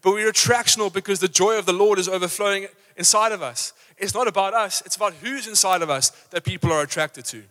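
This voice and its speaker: A man preaching an energetic, rousing live sermon in a church, acting out his examples. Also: sits high, fast talker, hardly any pauses. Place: church auditorium. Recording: live church hall reverb.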